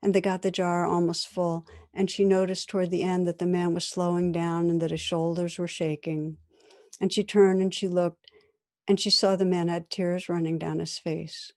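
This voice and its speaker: A woman meditation teacher giving a dharma talk, telling a story in a calm, measured, gentle way. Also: fairly low pitch.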